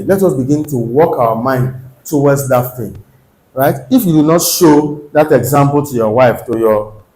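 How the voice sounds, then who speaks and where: A man's voice: mid-range voice, darkish tone. A man with a Nigerian accent preaching a sermon in church, earnest and exhorting, often pressing the congregation with rhetorical questions. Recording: echoey church hall.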